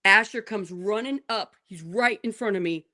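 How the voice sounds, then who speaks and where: Cheerful forties woman co-host, animated storyteller, mid pitch. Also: normal speed. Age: 40s. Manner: animated storyteller, laughs often. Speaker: morning show co-host. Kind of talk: casual chat.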